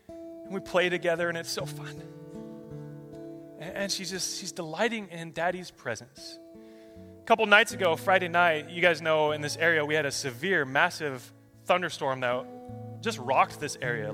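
A man in his thirties, a pastor telling a family story in a sermon, dropping soft and then rising into loud pleas. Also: on the high side, in a large hall.

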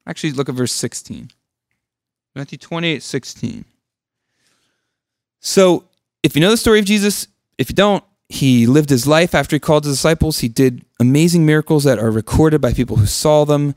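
A man's voice: fairly high pitch, moderate pace, a little mellow, no echo, clean studio sound. A man leading a Bible study in a casual teaching style, conversational, with joking asides and questions to the group.

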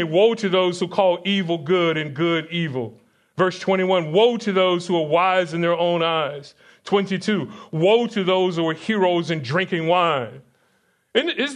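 A man's voice: high voice, fairly bright tone. Man preaching a teaching sermon. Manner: teaching with questions to the congregation, reading verses aloud. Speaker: pastor. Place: church sanctuary.

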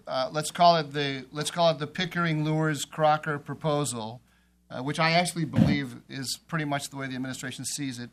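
A man speaking on a policy panel, with a voice that sits a little higher than most men's. He argues emphatically, circling back and repeating phrases to drive his point home. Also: fairly bright tone. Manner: emphatic, repeats phrases while building an argument.

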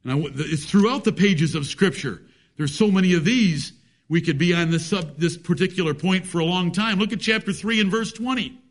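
A man's voice: sits high, brisk. A man preaching a sermon, emphatic, with rhetorical questions and folksy jokes.

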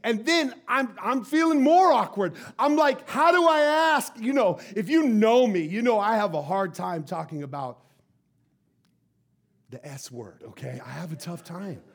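Pastor, male, high voice, animated sermon storyteller who stammers and repeats. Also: a little slow.

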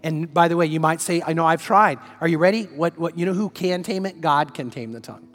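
A man's voice: a little high, quick pace, big-room sound, faint music behind. A man preaching as pastor, telling stories conversationally and asking repeated rhetorical questions. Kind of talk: sermon.

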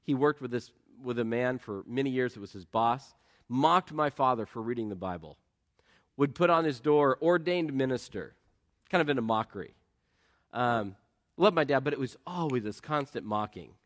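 A man's voice: medium pitch, expressive, normal speed. A middle-aged man preaching a sermon in an earnest, conversational way, asking the congregation questions and telling personal stories. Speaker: pastor.

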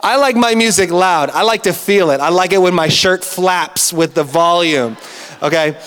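A man preaching a sermon as a pastor, telling stories in an animated way and acting out the dialogue himself. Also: sits high, moderate pace, clean tone. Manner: animated storytelling with acted-out dialogue. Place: church hall. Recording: long church hall reverb.

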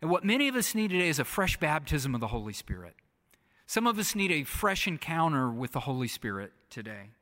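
A pastor preaching a sermon, repeating phrases and often dropping to a soft, hushed delivery. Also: male voice, a little high, very animated, a little fast. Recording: long reverb of a large hall.

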